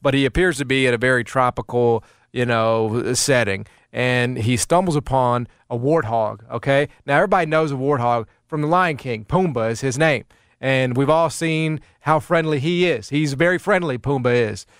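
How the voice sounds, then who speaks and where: A man's voice: medium pitch, normal speed, clean tone, no echo, studio quality. A man hosting sports talk radio, telling stories animatedly with lots of fillers. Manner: animated storytelling with many fillers. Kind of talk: casual sports radio banter.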